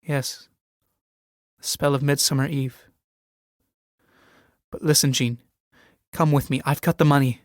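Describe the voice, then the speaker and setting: A man's voice: fairly high pitch, fairly even intonation, a little slow, pauses often, no room sound, clean studio sound, natural voice. A man reading the part of a proud, desperate young noblewoman in a solo reading of a stage play, swinging from pleading to furious shrieks. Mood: wistful pleading.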